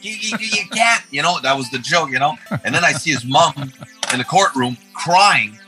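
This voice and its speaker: A man with a Québécois French accent, a comedian guest telling rambling, profane stories and loudly acting out quotes. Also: mid-range voice, moderate pace, music in the background. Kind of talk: casual podcast chat.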